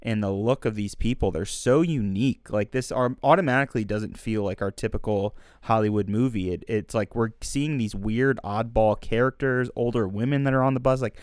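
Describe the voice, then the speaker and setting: A man's voice: lowish voice, moderate pace, few pauses, darkish tone, clear, resonant tone, no echo, clean studio sound. A young man co-hosting a film podcast, talking in long, thoughtful, winding sentences. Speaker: podcast co-host. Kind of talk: casual film discussion.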